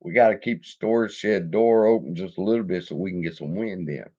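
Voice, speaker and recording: A man's voice: low-pitched, fairly quick, mellow, muffled recording. Profane laughing storyteller man. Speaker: investing channel host. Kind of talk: casual storytelling livestream.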